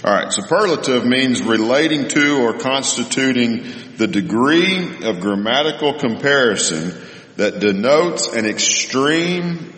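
A man teaching a Bible lesson and answering a question, thoughtful and explanatory, with many pauses and fillers. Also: mid-range voice, a bit bright. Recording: roomy hall with long reverb.

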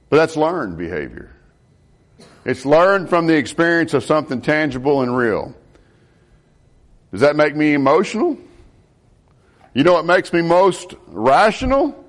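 Animated preacher man, lively pitch. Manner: animated, asks the congregation questions. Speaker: pastor. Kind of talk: sermon.

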